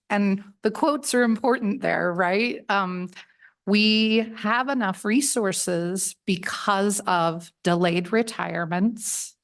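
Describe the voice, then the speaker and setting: A woman with a low, gravelly voice testifies before a legislative committee in a hearing room. She speaks into a table microphone in an informal, friendly way and often restarts her phrases as she explains. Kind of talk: conversational testimony.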